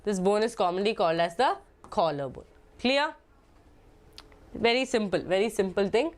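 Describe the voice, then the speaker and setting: A woman's voice: medium pitch, animated, moderate pace. A young woman teaching a biology lecture in Malayali-accented English, chatty and repetitive, often checking in with "okay?" and "no?". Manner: chatty, repeats herself, asks "okay?" and "no?". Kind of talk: online exam-prep lecture.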